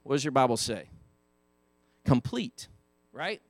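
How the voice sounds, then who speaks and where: A man's voice: mid-range voice, big pitch swings, takes it slowly, no room sound, clean studio sound. A man teaching a Sunday school Bible lesson in a church classroom, talking with the class and asking them questions. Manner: conversational, asks the class questions.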